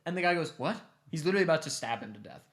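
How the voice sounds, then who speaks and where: A young man casually retelling a long story to his family, animated and cursing offhandedly. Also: on the high side, very fast. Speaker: streamer host.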